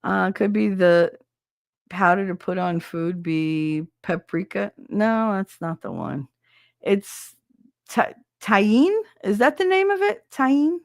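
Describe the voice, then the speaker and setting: A woman's voice: medium pitch, very animated, takes it slowly, vocal fry, dry recording, studio quality. A woman hosting a podcast from her bedroom at home, chatting casually with her live viewers, swearing freely and laughing often at herself. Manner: chatty and self-mocking. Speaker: podcast host.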